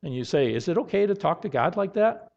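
A man's voice: high-pitched, big pitch swings, brisk, vocal fry. Earnest preacher man, dull lo-fi sound. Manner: earnest, rising to loud emphatic outbursts. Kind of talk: sermon.

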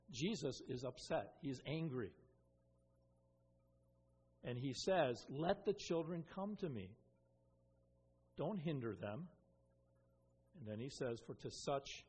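Husky guy preaching, lots of ums and restarts, big echoey church hall. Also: medium pitch, a little mellow. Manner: earnest expository preaching with frequent ums and restarts. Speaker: pastor. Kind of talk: sermon. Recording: long reverb of a hall.

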